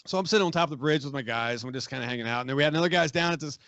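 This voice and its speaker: A man in his forties, a magazine editor, telling a profane, animated war story on a podcast and acting out what others said. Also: mid-range voice, very fast, no echo, highs cut off. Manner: profane, animated, acts out quoted voices. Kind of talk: casual storytelling, war anecdote.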